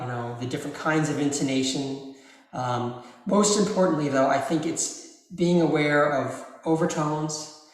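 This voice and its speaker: A man, a cellist, answering audience questions in a live masterclass, talking in an unhurried, thoughtful way with frequent ums and uhs. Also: mid-range voice. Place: large reverberant hall. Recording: very echoey hall with cello in the background.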